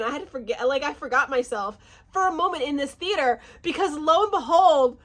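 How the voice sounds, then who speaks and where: A woman giving a casual, animated reaction review, often restarting and stumbling over names. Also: sits high, a little fast. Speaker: fantasy series reviewer.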